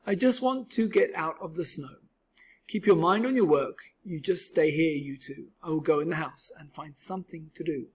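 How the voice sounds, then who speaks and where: A man with a husky voice voicing a mischievous, playful male cat in a storybook read-aloud. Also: fairly high pitch, normal speed. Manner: playful, laughing, sly. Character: mischievous grinning male cat, tall hat.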